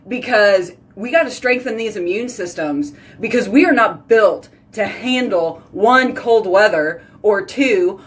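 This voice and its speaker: A woman from Houston with a Texan accent, chatting casually at home by her sink as a vlog host, bubbly and rambling. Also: on the high side. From Houston, Texas. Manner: bubbly, rambling, says y'all a lot.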